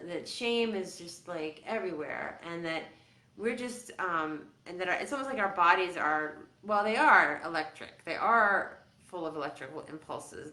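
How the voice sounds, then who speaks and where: A woman hosts a loose, casual livestream and thinks out loud, stopping and restarting her sentences as ideas come. Her voice sits a bit low but sounds bright and forward. The room around her rings with a noticeable echo. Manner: rambling, thinking aloud, self-interrupting. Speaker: host.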